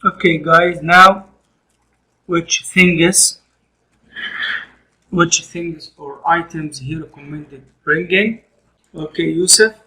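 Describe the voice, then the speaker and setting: Egyptian male teacher, bright voice. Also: fairly high pitch, slow, long pauses, low-quality recording. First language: Arabic. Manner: explains each point again in Arabic. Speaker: English teacher. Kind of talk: classroom lesson switching between English and Arabic.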